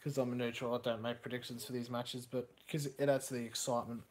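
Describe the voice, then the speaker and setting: A young man talks fast in a mid-range voice as he hosts a live stream. He reacts with excitement to the football match, drops casual swear words, and reads chat messages out loud.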